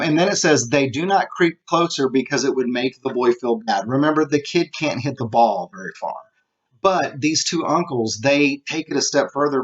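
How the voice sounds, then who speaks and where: A man of middle pitch gives a casual lesson to students, chatty and informal, often checking in with "okay". The recording is muffled and lo-fi, as if made at home. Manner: conversational, repeats "okay", acts out examples. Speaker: teacher.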